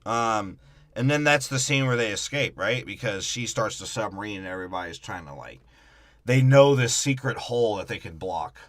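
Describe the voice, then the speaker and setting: A man's voice: fairly low pitch, animated, normal speed, no room sound. A man co-hosting a casual podcast, recapping a movie plot with swearing, laughs and mocking asides. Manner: profane, laughing, recaps plot with mock impressions. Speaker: podcast co-host. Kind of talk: casual movie breakdown chat.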